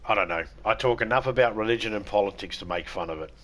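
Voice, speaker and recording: A man's voice: lowish voice, fast talker, a bit bright. An Australian man streaming a game, chatting casually with irreverent jokes and plenty of swearing. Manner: joking, irreverent, swears freely. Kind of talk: casual gameplay chat.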